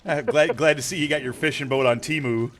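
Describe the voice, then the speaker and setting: A man's voice: fairly high pitch, steady tone, a little fast. A man in casual chat who swears freely and answers a friend's story with short reactions.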